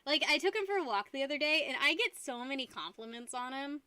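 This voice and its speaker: A woman's voice: high-pitched, animated, fast talker, sharp tone, dry recording. A young woman hosting a live stream from home, chatting loosely and giggling while she paints. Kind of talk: casual chat while painting.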